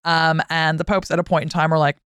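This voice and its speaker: Chatty woman historian, crisp dry voice. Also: low-pitched, little pitch movement, fairly bright tone, no room sound. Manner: chatty, swears freely, acts out historical figures in quick asides. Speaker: guest historian. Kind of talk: casual podcast chat.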